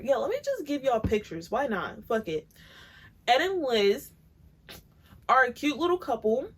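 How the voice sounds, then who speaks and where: A woman's voice: fairly high pitch, rough recording. A young woman hosting her own podcast, chatting casually and bluntly about celebrity gossip with plenty of swearing. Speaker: podcast host. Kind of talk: casual solo podcast chat.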